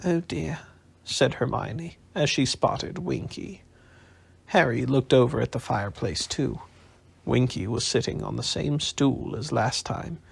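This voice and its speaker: A man reads an audiobook aloud at a slow, bedtime pace in a husky voice. His tone has a gravelly edge, and his pitch moves a lot as he reads. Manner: calm, unhurried reading. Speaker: audiobook narrator.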